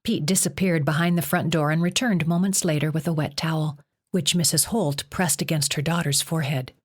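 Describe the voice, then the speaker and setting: A woman narrating an audiobook in a steady, measured way. Her voice is low and deep for a woman. The reading stays even from line to line. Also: slightly rough. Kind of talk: scripted narration.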